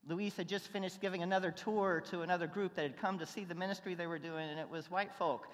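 A pastor giving a sermon in a conversational storytelling way, going from hushed asides to emphatic lines. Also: mid-range voice, steady tone, fast talker. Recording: long reverb of a church hall.

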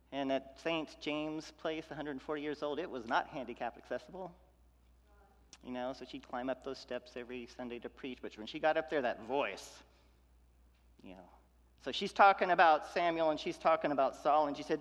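Preaching man in a reverberant hall. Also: fairly high pitch. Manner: preaching with rhythmic repetition and swings from loud to hushed. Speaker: pastor. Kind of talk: sermon.

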